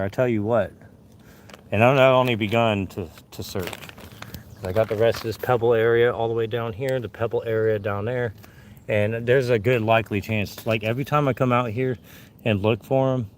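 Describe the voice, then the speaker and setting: A man's voice: fairly low pitch, slight background noise. An older man with a Southern American accent, out of breath from climbing a hill, chatting casually to viewers as he hunts fossils outdoors. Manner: chatty, folksy, talking to viewers while searching. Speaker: fossil hunting vlogger. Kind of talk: casual live narration while hunting outdoors. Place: outdoors on a dirt hillside.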